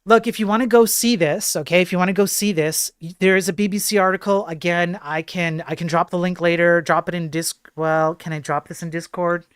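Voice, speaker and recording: A man's voice: high-pitched, fairly even intonation, brisk, few pauses, clean tone, no echo, clean studio sound. A man hosting a livestream, commenting casually on videos as he plays them, swearing often, repeating himself and reading on-screen text aloud. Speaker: livestream host.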